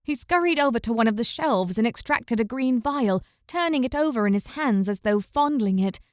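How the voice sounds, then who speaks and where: A woman narrating a fantasy audiobook in a measured, even storytelling manner. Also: on the high side, no room sound. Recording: dry, close recording.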